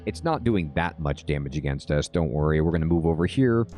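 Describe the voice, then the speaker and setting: A man giving casual gameplay tutorial commentary as a game guide host, relaxed and checking in often with "all right?". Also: rumbling low, brisk, soft background music.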